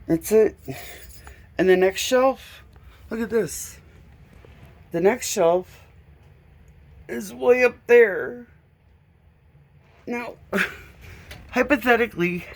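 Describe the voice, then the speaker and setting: A woman filming a walkthrough of a home closet on her phone, pointing things out in an exasperated voice and swearing now and then. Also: mid-range voice. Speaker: homeowner filming a complaint video. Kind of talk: casual walkthrough narration. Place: indoors, small closet in a home.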